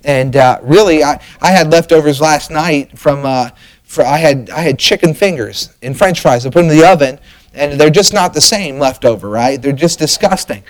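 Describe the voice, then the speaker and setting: A man's voice: fairly high pitch, moderate pace, poor audio. A middle-aged man preaching a sermon as pastor, folksy and storytelling, with frequent fillers and restarts.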